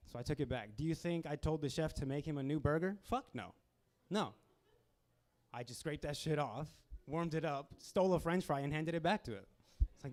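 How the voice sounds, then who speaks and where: A young man hosting a stand-up comedy show in a small club, talking casually with deadpan asides and acting out customers. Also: a little high, brisk.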